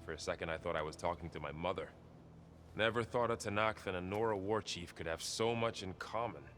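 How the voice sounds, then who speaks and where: Loyal easygoing young warrior. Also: male voice, low voice, fairly quick, fairly bright tone, a little hiss or hum. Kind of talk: video game dialogue. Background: game music.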